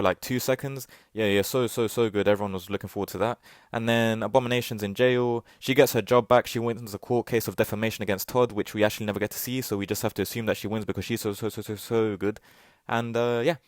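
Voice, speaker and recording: Fast-talking sarcastic male reviewer. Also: fairly low pitch, no room sound, studio quality. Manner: sarcastic, mocking, profane; repeats words for ironic stress. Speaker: TV show reviewer. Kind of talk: sarcastic recap narration.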